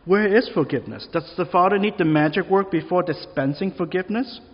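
Pastor, male, slightly high voice, conversational sermon, long hall reverb. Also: fairly quick, husky. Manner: conversational preaching with rhetorical questions. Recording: long reverb, dull lo-fi sound.

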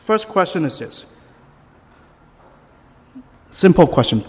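A man's voice: a little high, normal speed. Man, pastor, sermon, rhetorical questions, muffled lo-fi, echoing hall. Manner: conversational preaching with rhetorical questions. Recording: long reverb, dull lo-fi sound.

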